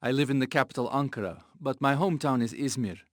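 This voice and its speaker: A man's voice: medium pitch, fast talker, dry recording, clean studio sound, natural voice. A man playing a friendly programmer. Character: Turkish male computer programmer interviewee.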